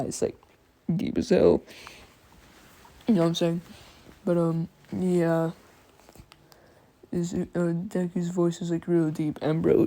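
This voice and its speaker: A woman's voice: on the low side, level tone, a little slow, gravelly, long pauses, dark tone. A sleepy woman telling a fan story in a casual, slangy, drawling way with many fillers.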